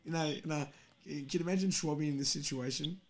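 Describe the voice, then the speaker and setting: A young man hosting a livestream, talking in a rambling, sweary, excitable way. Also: a little high, fairly quick, heavy background noise. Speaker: livestream host. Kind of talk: casual livestream chat.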